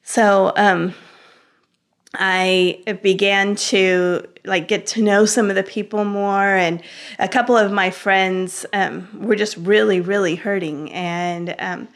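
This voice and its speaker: A woman, a guest in an interview, earnestly recounting a personal story in a relaxed conversational way. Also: mid-range voice, slow.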